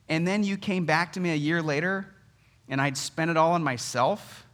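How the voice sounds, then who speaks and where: Bright, lively male pastor preaching. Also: a little high, moderate pace. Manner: animated, conversational storytelling with humor. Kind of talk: sermon.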